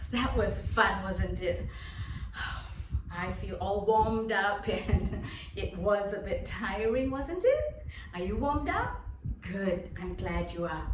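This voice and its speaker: A woman teaching a drama lesson to young children online, speaking in a slow, clear and encouraging way. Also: medium pitch. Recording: echoey room, mic at a distance, noisy.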